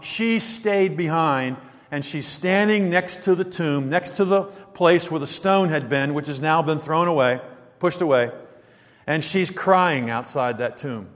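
A man's voice: high-pitched, a bit bright. A man preaching an expository sermon in a conversational way, thinking aloud with frequent restarts. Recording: long hall reverb.

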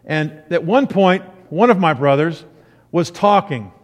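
A middle-aged man preaching a sermon, animated, acting out the people he quotes. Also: on the high side, unhurried. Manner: animated storyteller, acts out quotes. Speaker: pastor. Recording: long reverb of a hall.

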